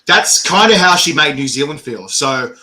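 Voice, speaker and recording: A man hosting a casual interview, animated, laughing often and swearing freely. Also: on the high side, moderate pace. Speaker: host.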